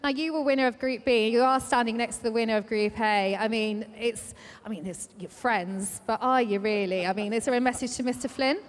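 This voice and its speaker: Bubbly high-voiced woman reporter. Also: fairly even intonation, brisk. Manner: bubbly, teasing. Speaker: trackside reporter. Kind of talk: sports interview. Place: indoor arena. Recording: reverberant arena.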